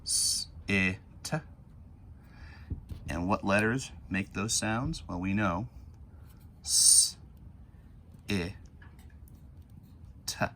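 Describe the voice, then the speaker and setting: A man's voice: lowish voice, slow pace, long pauses, sharp tone, slight background noise. A man teaching a recorded phonics lesson for young children, patiently sounding out words letter by letter.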